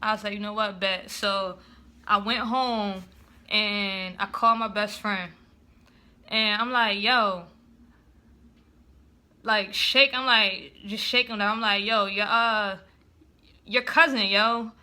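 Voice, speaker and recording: A woman's voice: mid-range voice, takes it slowly, long pauses. A young woman, casually telling a story and acting out her own past lines, with lots of swearing. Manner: animated retelling, acts out own past lines, heavy swearing.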